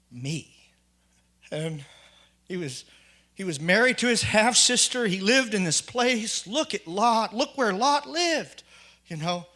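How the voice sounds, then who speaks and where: Bright earnest man telling his testimony. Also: high voice. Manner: earnest, halting, with frequent restarts and repeated "and". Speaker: testimony speaker. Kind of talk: spoken personal testimony.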